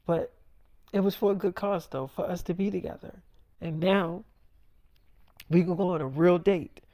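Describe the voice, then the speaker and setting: A soft-spoken teenage girlfriend, as a man puts her on in a rambling story. She talks low and hushed, gently pleading, with nothing fancy done to the voice. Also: steady tone, moderate pace, no echo. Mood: sheepish.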